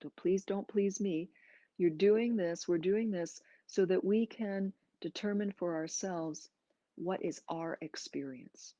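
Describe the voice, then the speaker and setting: A woman yoga teacher guiding a breathing class in slow, gentle, soothing instructions with pauses. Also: on the low side, dry recording, dull audio. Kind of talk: guided breathing and movement class.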